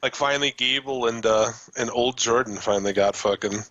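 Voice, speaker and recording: A man's voice: mid-range voice, a little fast, bright, forceful tone, no echo, highs cut off. A man co-hosting a wrestling podcast, talking loosely and profanely and laughing often. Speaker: podcast co-host. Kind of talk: casual wrestling chat.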